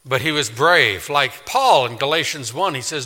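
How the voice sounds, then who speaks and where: A male pastor preaching a storytelling sermon in a church, swinging dramatically from loud to hushed. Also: medium pitch, animated, normal speed, few pauses. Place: church sanctuary. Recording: long church reverb.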